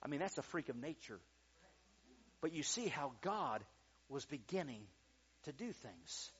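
Male pastor, high voice, lively storytelling sermon, slightly muffled recording. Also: a little slow, slightly rough. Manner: lively storytelling with acted-out quotes and rising emphasis.

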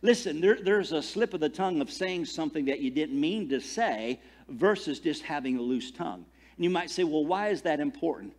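Middle-aged male pastor, slightly high voice, lively story-driven sermon full of restarts and repeats. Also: a little fast. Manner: animated storytelling, repeats words, many restarts. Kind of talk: conversational sermon.

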